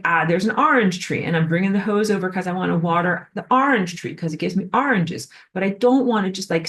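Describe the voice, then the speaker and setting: A woman giving a spiritual class lecture in an animated way, filled with frequent "like". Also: lowish voice. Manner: animated, acts out quoted voices, frequent "like". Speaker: spiritual teacher.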